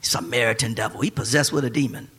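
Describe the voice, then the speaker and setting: A man's voice: medium pitch, quick pace, sharp tone, husky, long reverb tail, voice pushed down. A man playing a scoffing barbershop gossip who insists he told everyone so.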